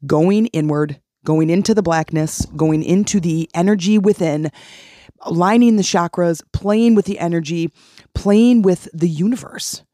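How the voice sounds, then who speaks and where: A woman's voice: fairly low pitch, dark tone, no room sound, studio quality. A woman hosting a self-help podcast, talking to listeners in an emphatic, conversational way. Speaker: podcast host.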